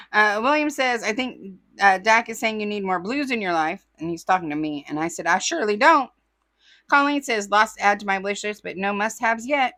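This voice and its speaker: A woman's voice: medium pitch, lively intonation, normal speed, sharp tone, dry recording. A woman from California hosting a crafting channel, reading viewer comments aloud with chatty asides and calling the audience y'all. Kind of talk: casual chat.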